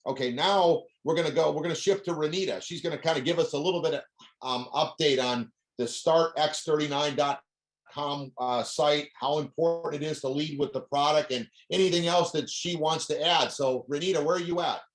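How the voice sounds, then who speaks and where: A man's voice: a little high, a little fast. A man hosting a team video call, upbeat and encouraging as he thanks the speakers and hands over to the next one. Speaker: meeting host. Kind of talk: hosting an online team meeting.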